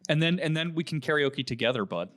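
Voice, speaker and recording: A man's voice: fairly high pitch, expressive, fast talker, a bit bright. Joking male gaming podcast co-host. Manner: joking, laughs often. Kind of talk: casual gaming chat.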